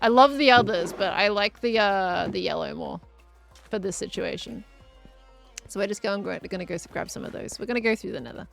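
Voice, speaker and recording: A woman's voice: mid-range voice, animated, fairly quick, creaky, a bit bright, faint music behind. A woman with an Australian accent, chatting casually on a live stream as she builds and answers viewers. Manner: chatty, reads out chat messages and reacts to viewers.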